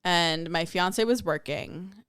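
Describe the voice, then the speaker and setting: A woman's voice: on the low side, slow pace, a bit bright, smooth, no echo, studio quality. A young adult woman hosting a spiritual podcast, telling a personal story in a candid, reflective way and acting out the voices in it. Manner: candid, storytelling with acted-out quotes.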